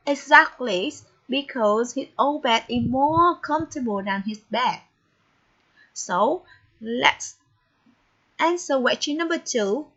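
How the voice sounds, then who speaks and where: Slow, high-voiced woman teacher. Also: sharp tone. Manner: slow, deliberate, encouraging. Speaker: English teacher. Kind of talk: online English lesson. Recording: dull, lo-fi recording with faint noise.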